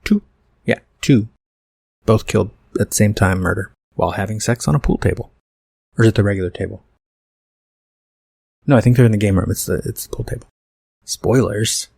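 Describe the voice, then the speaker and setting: A man's voice: fairly low pitch, brisk, creaky, long pauses, a little mellow, husky, no echo, clean studio sound. A man hosting a podcast, reading his own screenplay and rambling through self-correcting asides about it. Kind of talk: casual podcast commentary on his own script.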